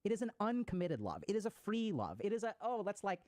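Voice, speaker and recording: Fast-talking man explaining psychology. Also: high voice, huge pitch swings, darkish tone, no room sound. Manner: fast, conversational, acts out example voices. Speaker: psychiatrist giving a talk.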